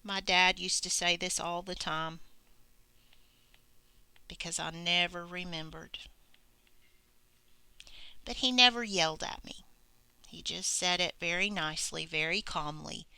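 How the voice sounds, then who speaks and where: A woman teaching a grammar lesson, explaining slowly and deliberately and acting out example sentences. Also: lowish voice, sharp tone, clear, resonant tone, dry recording.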